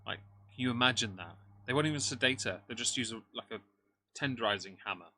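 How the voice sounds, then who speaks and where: A man's voice: medium pitch, quick pace, pushed and bright, slight background noise. A man giving live reaction commentary on a stream, making dry, mocking remarks while greeting his chat. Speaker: livestream commentator.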